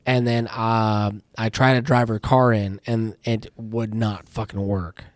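A man's voice: lowish voice, level tone, measured pace, no echo. A man co-hosting a casual podcast, ranting through profane stories about his work at a tire shop. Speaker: podcast co-host.

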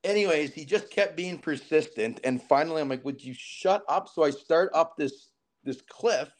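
A man's voice: a little high, moderate pace. A man in his thirties from southern Alberta, a podcast guest telling a story casually and acting out the dialogue. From southern Alberta, Canada. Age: 30s. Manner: animated, acts out quoted dialogue.

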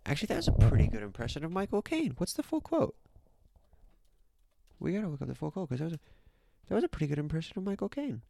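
A man's voice: a little high, big pitch swings, fast, creaky, dark tone, no room sound, clean studio sound. A young man streaming, ranting casually into his own mic, swearing, repeating himself and dropping into whispers. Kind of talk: casual rant to chat. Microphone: own desk mic.

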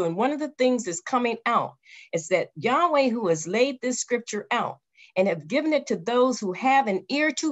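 Earnest woman teaching a Bible class. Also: on the high side. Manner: earnest, repeats and corrects herself, often adds "see".

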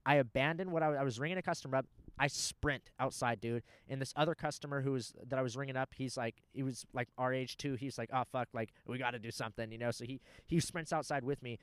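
Young guy, swears a lot, animated storyteller, dry close sound. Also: mid-range voice, fast talker, smooth, dry recording. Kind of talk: casual storytelling chat.

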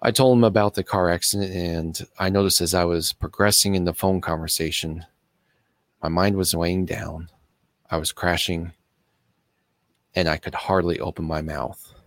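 Deep voiced guy telling his own story, halting, slow and careful, dry close sound. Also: steady tone, no echo. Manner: halting, with pauses and restarts. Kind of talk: personal story told to camera.

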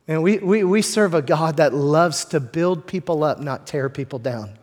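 A man with a fairly high voice preaches a sermon in an easy, chatty way. He doubles words while he builds a point and slips in jokes for the congregation. A long reverb from the sanctuary trails every phrase. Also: moderate pace. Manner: joking asides to the congregation. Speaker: pastor.

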